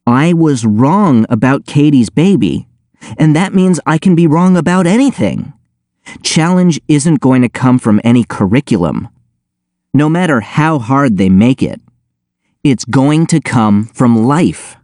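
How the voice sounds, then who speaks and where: A man narrating an audiobook in the first person with a wry, deadpan delivery. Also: medium pitch, measured pace, no echo, studio quality.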